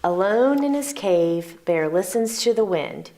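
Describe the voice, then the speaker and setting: Lady reading a kids picture book out loud, slow and super lively, asks kids to say it with her. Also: medium pitch, soft background music. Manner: slow and expressive, inviting listeners to join in. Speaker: read-aloud volunteer.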